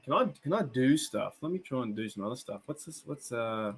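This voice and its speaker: An Australian man hosting a live stream, giving excitable play-by-play and chatty asides to his viewers. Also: mid-range voice, a little fast, breathy edge. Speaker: streamer and host. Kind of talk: live reaction commentary.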